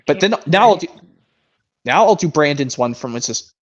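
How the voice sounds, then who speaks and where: A young man chats on a stream, circling back and restarting his thoughts as he goes. His pitch sits a little high and swings widely. The audio is muffled and lo-fi. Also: animated. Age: young adult. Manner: rambling, restarts sentences, reads narration aloud slowly. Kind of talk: casual chat.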